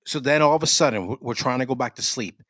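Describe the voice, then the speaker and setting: Medium in pitch and quick, this man's voice comes through without echo. He co-hosts a podcast and fills the casual talk with animated, meandering tales laced with curse words.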